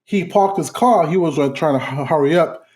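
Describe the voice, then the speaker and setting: A man's voice: on the high side, moderate pace, a little mellow. A man telling a funny story on a casual podcast, acting out other people's voices. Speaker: podcast co-host.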